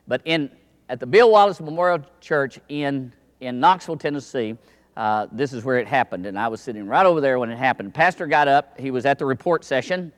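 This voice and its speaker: A male preacher delivers a folksy sermon in a church, swinging between booming lines and hushed asides. His voice sits fairly high for a man. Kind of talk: sermon storytelling.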